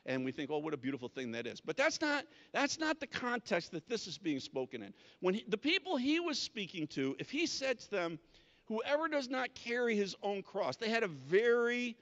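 A man's voice: high voice, fairly bright tone, big-room sound, lo-fi sound. A male pastor delivering a conversational sermon, often restarting and repeating words as he talks. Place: church sanctuary.

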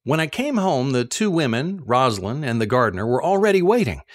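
A man's voice: medium pitch, brisk, no echo. Guy reading a first-person story, voice swings up and down a lot, dry close sound. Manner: expressive, animated storytelling. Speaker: audiobook narrator.

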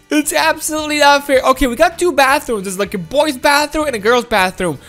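A woman with a very high, piping voice gives excitable kids' let's-play commentary, shouting often and talking straight to her viewers. Faint game music plays softly behind her. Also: a little fast, few pauses. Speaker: gameplay commentator.

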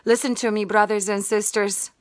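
A woman's voice: mid-range voice, flat delivery, moderate pace, dry recording, studio quality. A woman giving an impassioned religious sermon, fervent and emphatic, repeating her points. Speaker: online preacher.

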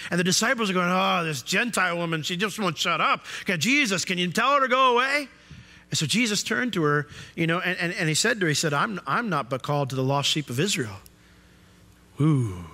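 A male pastor delivers a sermon in a church, his fairly high, bright voice carrying a long reverb through the room. He preaches expressively and slips into the voices of the people in his stories. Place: church sanctuary.

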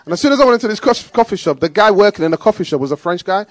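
A high-pitched male stand-up comedian in the middle of a set. He tells his stories in an animated way and chuckles at his own punchlines. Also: rapid-fire, no room sound. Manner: animated storytelling, laughing at his own jokes.

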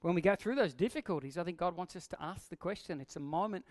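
Preaching in a conversational style, a pastor speaks quickly in a high-pitched voice, asking his listeners questions. When he acts out quoted lines, his voice rises.

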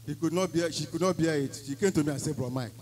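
A man's voice: on the high side, quick pace, a little mellow, husky, poor audio. A man with a Nigerian accent giving an emphatic church testimony, slipping into Pidgin phrases as he tells his story.

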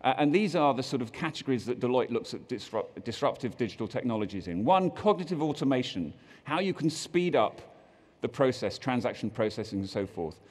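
A man's voice: medium pitch, lively intonation, fairly quick, big-room sound. A man with a British accent giving a conference keynote, a joking presenter who reads out quotes in mock voices. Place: large conference hall.

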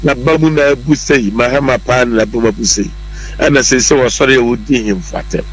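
A man's voice: mid-range voice, brisk, breathy edge, poor audio. A Ghanaian man arguing his political views on a talk show, emphatic and repetitive, mixing English words into his speech. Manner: emphatic, argumentative, repeats points, mixes in English words. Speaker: political commentator.

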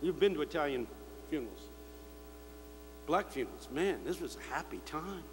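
An older man preaching a sermon to a big crowd, telling stories and acting out the shouts of others. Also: a little high, animated, moderate pace. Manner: storytelling, mimicking shouts of others. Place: large convention hall. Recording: echoey hall with faint hum.

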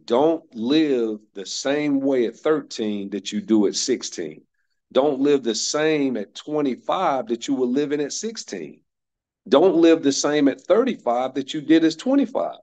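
A man's voice: mid-range voice, darkish tone. A man in his fifties from North Carolina, giving a motivational workshop talk, emphatic and repeating key phrases for stress. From North Carolina, United States. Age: 50s. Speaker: workshop speaker.

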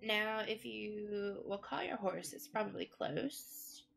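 Woman role-player, patient explainer, gravelly fry, mid pitch, faint game music. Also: takes it slowly, fairly bright tone. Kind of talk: in-character role-play.

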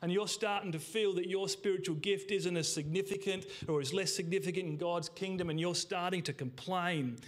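Male pastor with a high voice, preaching with emphasis, stretching key words and dropping low for effect. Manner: emphatic, with slowed words and drops to a hush; addresses the congregation directly. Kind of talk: sermon.

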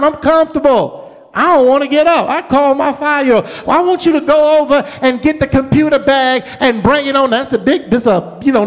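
A middle-aged man preaching a storytelling sermon with a folksy, repetitive cadence. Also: very high-pitched. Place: church sanctuary. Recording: long church hall reverb.

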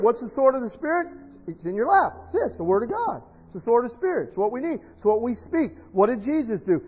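Storytelling male pastor with a high voice; dull recording. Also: big pitch swings, quick pace, husky. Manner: storytelling, rising to loud emotional preaching. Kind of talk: sermon. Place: church sanctuary. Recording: dull sound in a reverberant church hall.

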